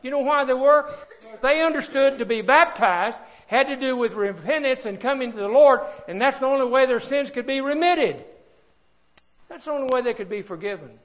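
A man's voice: very high-pitched, lively intonation, a bit bright, highs cut off. An older man preaching a sermon, swelling in volume and drawing out key words. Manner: emphatic preaching with swells in volume and slowed stresses.

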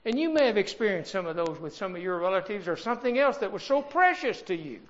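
A man's voice: high-pitched, big pitch swings, muffled recording. An older man preaching a sermon, swelling in volume and drawing out key words. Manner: emphatic preaching with swells in volume and slowed stresses.

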